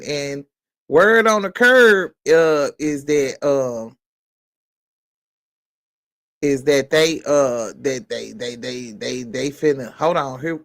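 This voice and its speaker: Host, man, unhurried halting delivery, casual commentary, dry recording. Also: on the high side, creaky, fairly bright tone, no room sound. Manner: halting, restarts, slow delivery.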